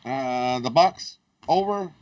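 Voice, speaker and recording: A man's voice: mid-range voice, lively intonation, takes it slowly, darkish tone, no room sound. A man on a live betting show panel, listing his picks briefly and matter-of-factly. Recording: distant, dull, dry remote audio.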